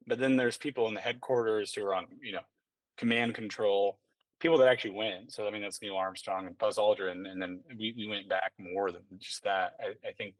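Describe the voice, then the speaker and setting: A somewhat low-voiced man guests on a podcast, chatting loosely and wandering off track. He fills his talk with "like," other fillers and frequent restarts. The audio has no echo and comes from a fairly distant microphone.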